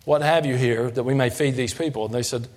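Preacher guy, folksy, quizzes the crowd then gets fired up, ordinary pitch. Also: fairly quick, a little mellow. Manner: folksy, asks the congregation questions, rises in pitch and force when preaching. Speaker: pastor. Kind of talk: sermon.

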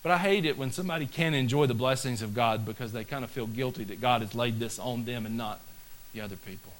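A male pastor delivering a sermon, shifting from easy conversational talk to loud, slow, emphatic declarations. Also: medium pitch, slight background noise, poor audio.

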